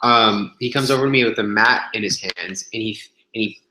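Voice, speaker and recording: A man's voice: fairly low pitch, normal speed, pushed and bright, a little hiss or hum. A young man telling a gym story on a casual webcast, rambling, swearing freely, full of fillers and restarts, recorded on a webcam in a room. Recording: echoey room webcam audio.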